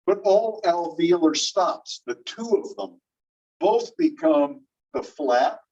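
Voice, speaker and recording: A man teaching a linguistics class, explaining slowly and repeating key phrases while checking that students follow. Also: on the high side, a little mellow. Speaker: linguistics instructor. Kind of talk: classroom lecture. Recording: muffled distant classroom recording.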